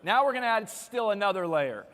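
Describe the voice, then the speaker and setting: High-voiced man giving a keynote in a hall. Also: a little fast. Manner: energetic, joking, directs audience exercises. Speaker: keynote speaker. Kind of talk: motivational keynote speech. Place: large conference hall. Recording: long hall reverb from a live stage.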